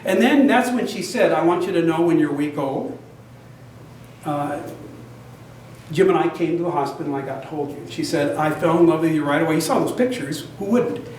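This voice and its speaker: An older man tells a personal story to a room full of listeners, chatty and quick to laugh at his own tale. His voice sits fairly high for a man. The recording is very echoey and picked up from a distance across the room. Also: a little mellow, slight background noise. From United States. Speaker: guest speaker. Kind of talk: storytelling talk to an audience.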